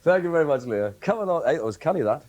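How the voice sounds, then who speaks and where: A man's voice: fairly high pitch, lively intonation, fast talker, a little mellow. A man, presenting a 1980 television chat show and teasing his guest in a jovial way. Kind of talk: studio chat show interview. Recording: 1980 television studio recording.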